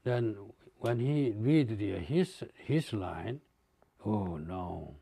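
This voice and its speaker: A man recalling a recording session in an interview, speaking haltingly with many fillers and restarts. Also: lowish voice, lively intonation, vocal fry, heavy background noise. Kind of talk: interview recollection.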